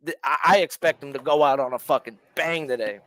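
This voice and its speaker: Male guest, high voice, profane slangy betting talk, dry mic. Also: a little fast, a bit bright, dry recording. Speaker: podcast guest. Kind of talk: casual betting chat.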